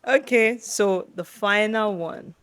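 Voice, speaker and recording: A woman's voice: mid-range voice, takes it slowly, fairly bright tone, smooth, no room sound. A woman hosting a podcast interview, playful and teasing. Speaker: podcast host. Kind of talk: casual interview chat.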